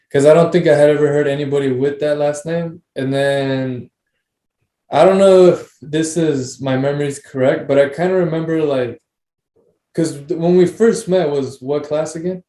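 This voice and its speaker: A man's voice: on the high side, warm tone, reverberant. Rambling man hosting a podcast. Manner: loose, rambling, swears casually. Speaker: podcast host. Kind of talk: casual podcast chat.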